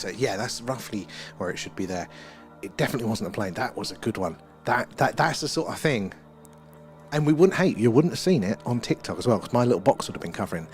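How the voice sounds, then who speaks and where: A man hosting a night-time live stream outdoors, rambling excitedly and chatting with viewers. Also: on the low side. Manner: excitable, rambling, talks to chat viewers by name. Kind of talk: live-stream chat and sky-watch commentary.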